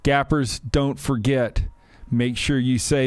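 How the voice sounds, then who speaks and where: Host, man, upbeat and earnest, smooth voice in a dry close room. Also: medium pitch, moderate pace, darkish tone, no room sound. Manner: upbeat, earnest, hype-style introductions. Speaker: podcast host. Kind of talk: podcast interview hosting.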